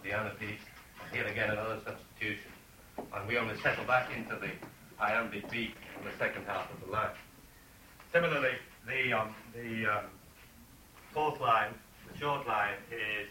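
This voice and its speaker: Man lecturing a class, halting, verse read slowly; recorded from far off in a noisy, echoey room. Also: on the low side, pushed and bright. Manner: halting, many ums, reads verse slowly with stressed beats. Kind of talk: poetry lecture.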